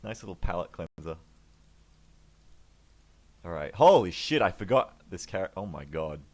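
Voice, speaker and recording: A man's voice: low voice, very animated, measured pace, darkish tone. A man playing a tabletop game, describing his actions in a rambling, filler-heavy way. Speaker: player. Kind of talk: casual chat over a tabletop game.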